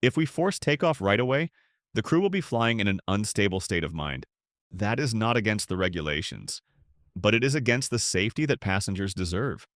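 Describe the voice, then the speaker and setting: Brief: steady, earnest male airline captain read by a male narrator, lively low delivery. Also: fairly quick, no echo, clean studio sound.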